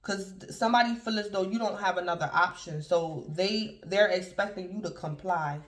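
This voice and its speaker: A tarot reader with a high, fairly bright voice talks at a moderate pace. His reading is loose and rambling, with frequent addresses to the "collective," and roomy echo fills the recording.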